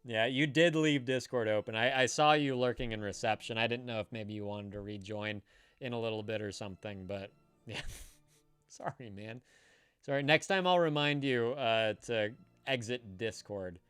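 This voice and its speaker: A man hosting a live stream, chatting casually in a rambling way with halting restarts and frequent laughs. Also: mid-range voice, a bit bright, smooth, no echo, soft background music. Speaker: streamer host.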